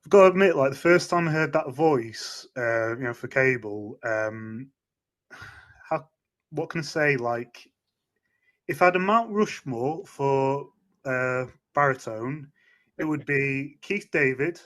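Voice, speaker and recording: A man hosting a casual interview, eager as a fan and halting with fillers and restarts. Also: medium pitch, a bit bright. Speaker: interview host.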